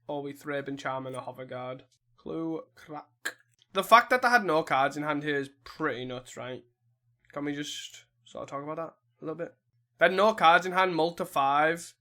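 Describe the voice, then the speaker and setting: A man's voice: fairly high pitch, a bit bright. Muttering man narrating his own card game. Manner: muttering, self-critical, exasperated. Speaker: gameplay commentator. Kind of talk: casual live game commentary.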